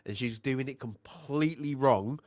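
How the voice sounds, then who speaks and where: A man co-hosting a film review podcast, recapping scenes in a rambling way with many fillers and quick bits of mimicry. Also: medium pitch, darkish tone, no echo. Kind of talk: casual chat.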